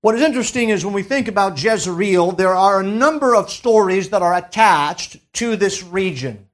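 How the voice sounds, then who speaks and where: A high-pitched, animated man preaches a sermon, reading scripture slowly and deliberately before building to an emphatic, raised delivery.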